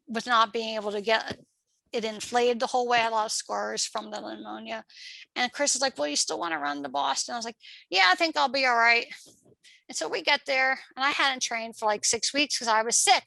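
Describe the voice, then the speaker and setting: A middle-aged woman from Pennsylvania tells her story as a guest in a chatty, lively way, slipping into the voices of people she talked with and laughing often. Her voice sits a little high, bright, with a gravelly fry. The sound is close and dry. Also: no room sound, low-quality recording. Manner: chatty, acts out past dialogue, laughs often. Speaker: podcast guest, marathon runner. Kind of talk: personal storytelling.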